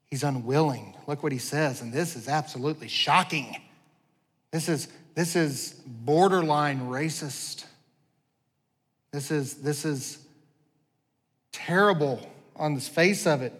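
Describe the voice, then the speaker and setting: High, bright-voiced male preacher in a reverberant hall. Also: slightly rough. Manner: animated preaching, swinging between loud pleading and quiet asides; self-deprecating humor. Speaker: pastor. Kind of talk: sermon. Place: church sanctuary. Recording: long church reverb.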